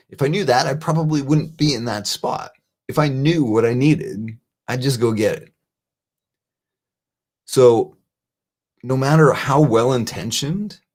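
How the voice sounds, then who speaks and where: A man's voice: mid-range voice, darkish tone. A middle-aged man hosting a live-streamed advice talk, speaking earnestly and conversationally and repeating his key phrases. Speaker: show host.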